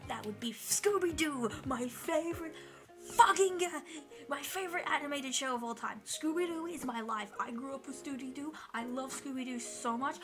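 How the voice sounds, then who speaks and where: A young woman streamer chatting casually with her viewers while drawing, excitable and chatty, swearing freely. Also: sits high.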